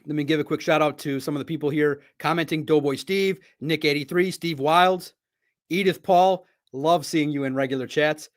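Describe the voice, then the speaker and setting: Excitable high-voiced man hosting a live sports stream. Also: normal speed. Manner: excitable, rambling, chatty.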